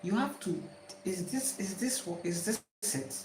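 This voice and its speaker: Speaking unhurriedly in a darkish mid-range voice, a Ghanaian-accented woman delivers a casual spiritual talk with emphasis, frequently repeating and restarting. The room echoes, and there's a little hiss or hum.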